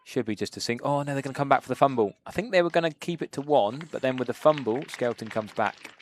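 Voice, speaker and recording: A man giving live cricket commentary, lively, excitable on big shots and quick to laugh. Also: mid-range voice, slight background noise.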